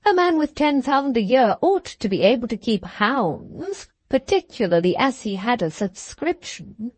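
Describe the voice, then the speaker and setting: A woman's voice: on the high side, big pitch swings, moderate pace, slightly rough, dry recording, voice pushed up. A woman reading the part of a stern, haughty aristocratic countess in an audiobook, lecturing with a disapproving, imperious manner.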